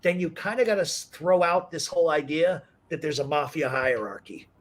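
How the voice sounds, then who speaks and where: With a fairly high voice and a slightly fast pace, a podcast host chats through casual stories on his talk show. He's an animated storyteller who swears plenty.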